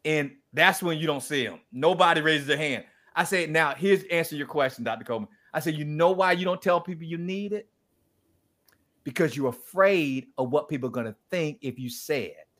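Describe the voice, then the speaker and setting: A man speaking as a guest, telling a story in a lively, preacher-like way and acting out the quoted dialogue. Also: fairly high pitch, normal speed. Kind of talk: animated storytelling talk.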